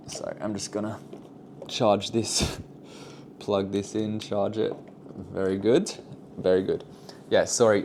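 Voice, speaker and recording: A man's voice: lowish voice, steady tone, a little slow, pauses often, darkish tone, a little hiss or hum. A young man talking casually about communication skills, rambling and self-deprecating, often trailing off into asides. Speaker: vlogger. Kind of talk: casual self-improvement vlog.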